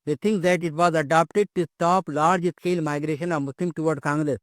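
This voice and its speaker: A man's voice: on the high side, steady tone, a little fast, no echo. An older man giving an academic lecture, hesitant, with many fillers and repeated words.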